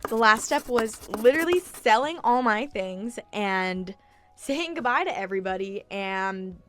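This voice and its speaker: A woman's voice: medium pitch, expressive, unhurried. A woman in her early twenties telling her travel story in a chatty, confessional way, full of "like" fillers and casual swearing, sometimes close to tears. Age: early 20s. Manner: emotional, close to tears at times. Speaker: travel vlogger.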